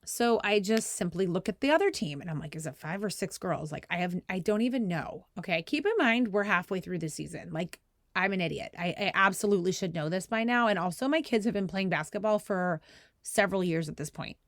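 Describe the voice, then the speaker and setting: A woman's voice: fairly quick, dry recording, clean studio sound. A woman in her thirties hosting a podcast, telling a story casually with lots of "like" and playful quoted voices. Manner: animated, acts out quotes in a higher voice, laughs often; heavy use of "like" fillers. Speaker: podcast host.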